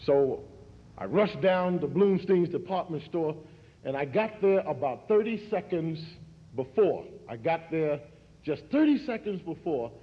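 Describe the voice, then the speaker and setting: A man in his forties from New York, giving a speech in a preacher's rhythmic cadence that repeats words and climbs in pitch. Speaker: speaker at a commemoration. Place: large hall. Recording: echoey hall, dull archival recording.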